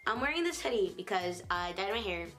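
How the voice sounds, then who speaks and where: A young woman with a cold talks to her camera in a hoarse, rough voice that still comes across bright and sharp. She chats casually and keeps dropping "like" and "literally". Faint music plays behind her. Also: medium pitch, lively intonation, fairly quick. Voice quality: rough, smoky-sounding. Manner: chatty, peppered with "like" and "literally". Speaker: beauty vlogger. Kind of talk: casual vlog chat.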